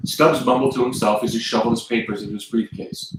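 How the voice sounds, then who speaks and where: A man's voice: mid-range voice, quick pace, heavy reverb, noisy background. A man with a Southern US accent reading aloud from his own book on a live stream, now and then stopping to chat with viewers. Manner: lively reader who stops to chat with viewers.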